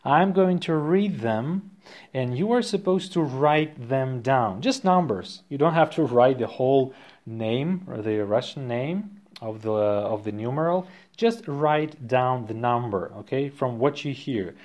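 A man teaching a podcast language lesson, slowly and patiently dictating items and repeating each one twice. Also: medium pitch, animated, darkish tone. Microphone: podcast microphone.

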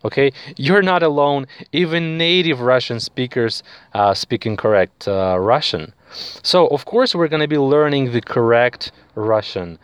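A man gives a beginner language lesson at an unhurried, deliberate pace. He explains patiently, pads his sentences with fillers and keeps checking in with the listener. His voice sits at an ordinary pitch and sounds close and dry. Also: lively intonation, clean tone, no room sound. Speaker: language teacher.

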